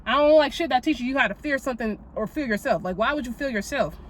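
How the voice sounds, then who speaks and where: A woman in her twenties hosts a spiritual podcast in a high voice with lively intonation, talking fast over slight background noise. Her casual monologue is blunt, sassy and full of swearing and "like" fillers.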